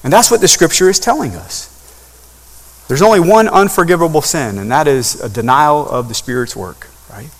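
Male preacher, fairly high voice, surging intensity, long church reverb. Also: lively intonation, normal speed. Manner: building to impassioned crescendos. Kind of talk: sermon.

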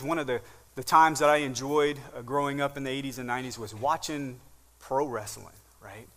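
A man in his forties preaching a sermon as pastor, swinging from hushed lines to loud ones. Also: on the high side, in a large hall. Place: church sanctuary.

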